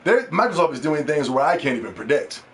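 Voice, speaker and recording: A man hosts a casual gaming podcast with an animated, profane rant. His voice sits a little high for a man, and he mocks other people in put-on voices. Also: quick pace, a little hiss or hum. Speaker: podcast host.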